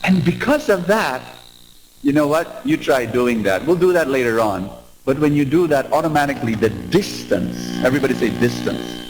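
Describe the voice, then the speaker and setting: Animated preacher in echoey hall. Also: male voice, mid-range voice, normal speed, a little hiss or hum. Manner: animated, asks audience to respond. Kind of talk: sermon. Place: large church. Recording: echoey hall with music behind.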